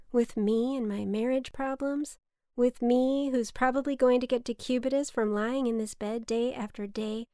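A woman reading her own scripted personal memoir in a candid, wry, profane way, often dropping to a hush. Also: a little high, dry recording, clean studio sound. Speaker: memoir podcaster.

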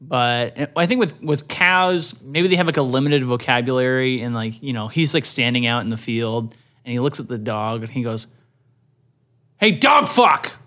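A man's voice: medium pitch, fairly even intonation, moderate pace, hardly any pauses, fairly bright tone. A man co-hosting a casual comedic chat, playful, riffing and often laughing. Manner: playful, laughs often, riffs on absurd bits.

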